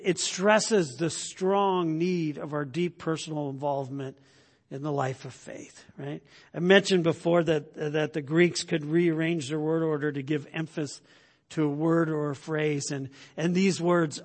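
A man's voice: on the high side, steady tone, unhurried. Man preaching in a reverberant hall. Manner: conversational preaching, keeps asking "right?"; repeats words and restarts, then rises to loud emphasis. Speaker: pastor. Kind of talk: sermon.

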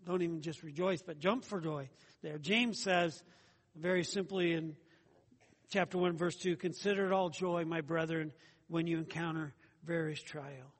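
A man's voice: fairly high pitch, fairly even intonation, normal speed. A man preaching an earnest, conversational sermon as a pastor, often repeating phrases and adding asides. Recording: long hall reverb.

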